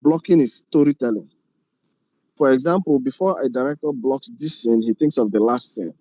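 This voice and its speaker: A man teaching a film class, his voice dark and mellow. The sound is dull and lo-fi in a dry room. He repeats phrases and poses questions as he explains. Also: medium pitch, moderate pace, no room sound. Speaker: film directing instructor. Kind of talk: classroom lecture.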